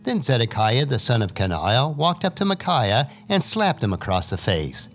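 Expressive man reading scripture over music. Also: normal speed. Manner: expressive reading, lifting pitch for quoted speakers. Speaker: scripture reader and teacher. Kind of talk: Bible reading followed by an essay.

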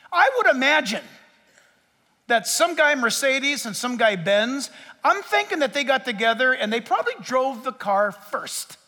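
High, bright-voiced man preaching. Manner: animated, joking, talks straight to the crowd. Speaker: pastor. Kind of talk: sermon. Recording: long hall reverb.

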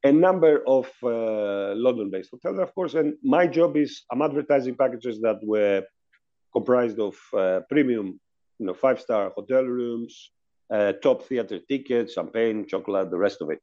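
A man's voice: medium pitch, lively intonation, normal speed, lo-fi sound. A man telling a casual, chatty story about hotel work over a video call, with laughs between anecdotes.

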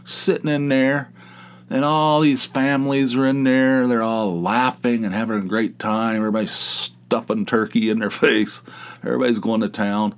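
A man's voice: mid-range voice, fairly even intonation, moderate pace, clean tone. A middle-aged man from West Virginia hosting a podcast from his home office, telling stories in a rambling, self-deprecating way with many asides and restarts. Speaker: podcast host. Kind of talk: casual storytelling monologue.

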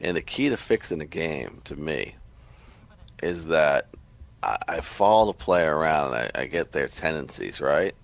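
A sports radio co-host with a rumbling low voice and vocal fry chats at a normal speed. He's animated and jokey, playfully tossing questions at his partner.

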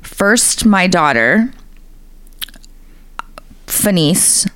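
A woman's voice: fairly low pitch, sing-song, very slow, fairly bright tone, dry recording. A woman co-hosting a casual podcast, reading a listener's funny letter aloud and laughing through it, swearing freely. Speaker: podcast co-host.

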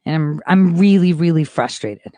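A woman hosting her own show and ranting in a frustrated monologue, lower-pitched than most women. She swears freely and swings between quiet, muttered asides and loud, boastful outbursts. The sound is close and dry, with no room echo. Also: lively intonation, normal speed. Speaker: host.

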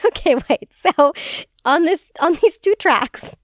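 A young woman co-hosting a casual chat podcast, playful and quick to joke, laughing often. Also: extremely high pitch, lively intonation, no room sound, clean studio sound. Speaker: podcast co-host.

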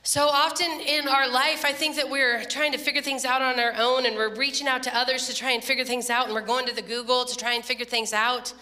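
A woman preaching a sermon, telling a story with lively, laughing quotes. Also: high voice, brisk, few pauses, long reverb tail. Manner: animated storytelling, laughing, voice jumps up when quoting. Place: church.

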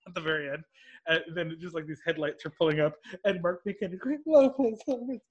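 A young man, a comedian guest on a podcast, telling stories casually, animated and swearing freely. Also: on the high side, quick pace, husky, highs cut off. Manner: animated, swearing, laughing storyteller. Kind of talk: casual film chat.

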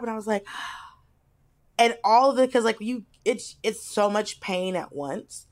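Expressive woman co-host telling a story. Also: medium pitch, unhurried. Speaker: podcast co-host. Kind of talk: casual podcast chat.

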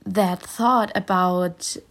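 Earnest woman with a gravelly fry. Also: medium pitch, fairly even intonation, a bit bright. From Spain. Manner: halting, with frequent restarts and earnest reassurance. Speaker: self-healing vlogger. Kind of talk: personal heartfelt talk to camera.

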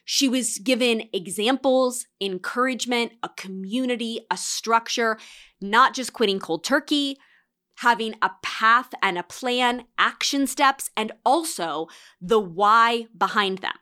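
A woman's voice: on the high side, measured pace, sharp tone. A woman hosting a reflective solo podcast, coaching listeners in an encouraging tone and reading student quotes aloud. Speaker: podcast host and course mentor.

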